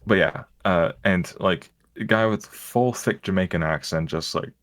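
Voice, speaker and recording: A man's voice: deep voice, moderate pace, a bit bright, no room sound, clean studio sound. A man, a stream guest, telling stories in casual chat, rambling and self-mocking with frequent restarts.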